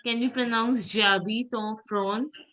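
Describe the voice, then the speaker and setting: A woman teaching a French pronunciation class, drilling words slowly and patiently. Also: a little high, fairly even intonation, crowd noise, rough recording.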